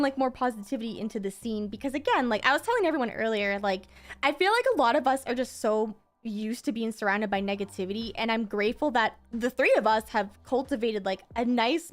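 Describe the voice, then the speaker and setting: Streamer woman, fairly high voice, upbeat and chatty, casual filler-heavy delivery. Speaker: streamer hosting a birthday stream. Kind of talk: casual chat.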